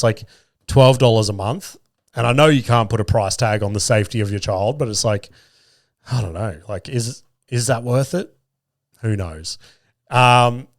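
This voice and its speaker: A man's voice: mid-range voice, dry recording, clean studio sound. A man, hosting a podcast and telling rambling, sweary, self-deprecating stories. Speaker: podcast host. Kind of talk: casual storytelling chat.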